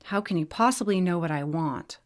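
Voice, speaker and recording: Woman reading as a cranky sick old hybrid guy, blunt and grumbly, low voice for a storybook. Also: fairly quick, natural voice. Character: gruff sick older male hybrid ruler.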